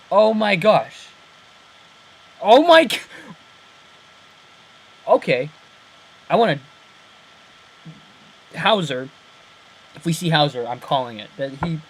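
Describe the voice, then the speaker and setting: A man's voice: a little high, slight background noise, poor audio. A young man in casual chat, breaking down a TV episode, rambling and correcting himself and laughing at his own slips. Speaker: channel host breaking down an episode.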